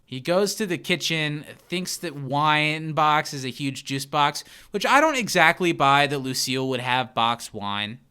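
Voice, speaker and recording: Bright, clear-voiced man recapping a sitcom. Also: on the high side, unhurried, hardly any pauses. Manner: animated, quotes scenes in sudden bursts. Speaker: podcast co-host. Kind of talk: casual chat recapping a sitcom episode.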